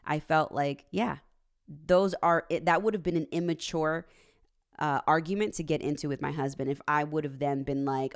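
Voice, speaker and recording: A woman in her thirties, a relationship coach, hosts a casual livestream and reads viewer comments. Her low voice has a gravelly, creaky edge and a moderate pace. She speaks earnestly about faith and values, often using "right?" and "like," and tells animated stories while laughing easily.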